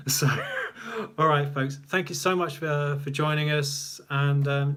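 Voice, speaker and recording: A man's voice: on the high side, fairly even intonation, a little slow, a bit bright. A man hosting a casual live stream from a small room at home, chatty and rambling, laughing often at himself. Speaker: livestream host.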